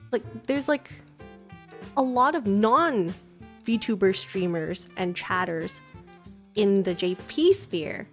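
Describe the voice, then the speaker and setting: Woman vtuber host just chatting, lots of "like", rambly, mid pitch. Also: animated, slow, pauses often, faint music behind. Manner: rambling, full of "like" and restarts. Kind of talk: casual chat.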